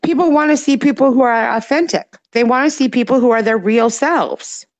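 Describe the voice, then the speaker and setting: Emphatic, ranting woman with a raised pitch. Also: no room sound. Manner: emphatic, rapid, profane ranting. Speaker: livestream co-host. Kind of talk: late-night casual chat.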